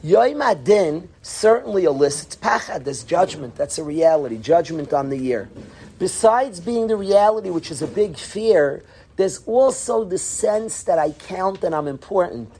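A man's voice: sits high, animated, a little slow, dark tone, a little hiss or hum. A man teaching a Torah class to yeshiva students, earnest, calling on students by name and dropping into whispers.

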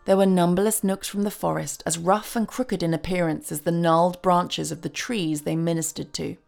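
Low gravelly woman reading a story. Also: fairly even intonation, normal speed, a little mellow, soft background music. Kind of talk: storybook narration.

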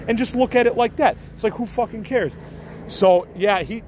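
A man's voice: high voice, moderate pace, a little mellow, a little hiss or hum, low-quality recording. A middle-aged man from the Chicago area hosting a podcast, talking in a casual, rambling, profane way and laughing things off. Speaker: podcast host.

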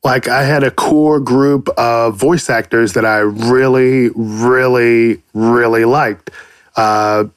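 A man hosts a casual solo podcast monologue, rambling and cursing freely as he muses on voice acting and plays around with silly voices. His voice is medium-pitched and smooth, captured with clean studio sound and no room sound.

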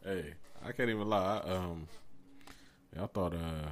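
A man's voice: sits low, a little slow. A man chatting casually with a friend, laid-back, laughing along and telling his own short story. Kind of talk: casual chat.

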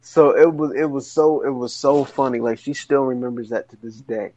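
A man's voice: moderate pace, no room sound, highs cut off. A man co-hosting a casual podcast, talking animatedly and rambling through long questions. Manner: animated storyteller, rises high when excited. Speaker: wrestling podcast co-host.

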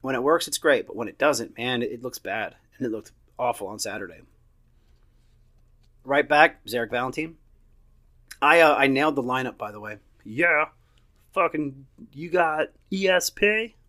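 Casual podcast host, man in his thirties, mid-pitched, blunt and opinionated with casual swearing. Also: expressive, normal speed, pauses often, bright, forceful tone. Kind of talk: casual solo match review.

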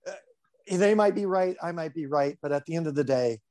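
Brisk and fairly high-pitched, a baseball coach rambles through casual stories. His manner is laid-back, and fillers crop up constantly as he talks.

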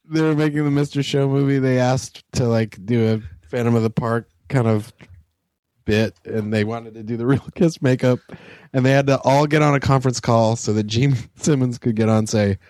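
A man's voice: mid-range voice, fairly even intonation, normal speed, darkish tone, no room sound, rough recording. A man co-hosting a casual comedy podcast in a dry, understated way. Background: music bed.

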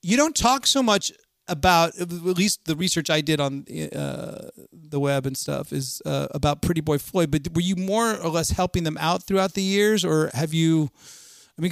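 A man's voice: on the high side, normal speed, vocal fry, no echo, clean studio sound. A man hosting a casual interview, asking long rambling questions full of fillers. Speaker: podcast host.

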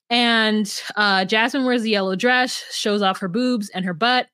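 A woman's voice: medium pitch, unhurried, hardly any pauses, sharp tone, clear, resonant tone, no echo. A woman co-hosting a podcast, rambling through a story and acting out the quotes in a casual recap chat. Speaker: podcast co-host.

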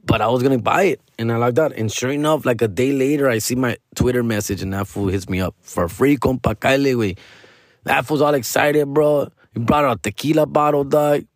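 A man's voice: medium pitch, fairly quick, no echo, clean studio sound. Profane rambling man telling a story. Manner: profane rambling, slang and Spanish asides. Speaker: comedy podcast host. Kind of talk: casual comedic storytelling.

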